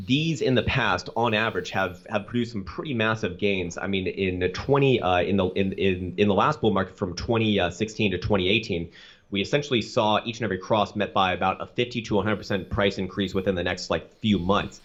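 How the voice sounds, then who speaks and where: Fast-talking low-voiced man, lo-fi audio. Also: a bit bright. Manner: rapid, with many restarts. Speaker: guest chart analyst. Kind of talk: casual chart analysis on a call.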